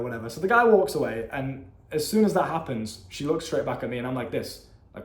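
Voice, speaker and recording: A young man tells a story in a loose, animated way, full of slang and swearing. His voice sits a little high for a man. The room around him is echoey. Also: fast talker. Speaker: vlogger. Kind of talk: casual storytelling.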